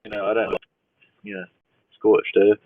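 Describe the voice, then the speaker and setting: A man's voice: on the low side, monotone, normal speed, dry recording. A man hosting a casual live Q&A, reading viewers' questions aloud in an easygoing, amused way and chuckling often. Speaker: livestream host answering chat. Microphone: phone livestream. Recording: dry, tinny phone-like sound.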